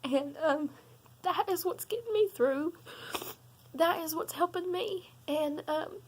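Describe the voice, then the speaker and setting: A young woman, talking in an earnest, halting vlog while tearful and sobbing, with many pauses and ums. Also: extremely high pitch. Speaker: vlogger. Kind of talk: personal confessional vlog.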